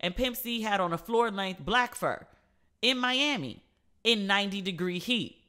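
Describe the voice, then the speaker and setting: A woman hosting her own podcast and chatting casually, telling gossipy stories in a lively way and acting out the people she quotes. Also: mid-range voice, a little slow. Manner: animated, gossipy storytelling with quoted voices. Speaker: podcast host. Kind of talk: casual solo podcast chat.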